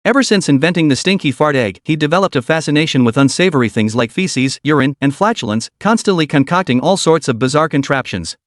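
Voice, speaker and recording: Guy narrating a story, steady read, kinda high voice, dry close mic. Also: quick pace, hardly any pauses, dry recording.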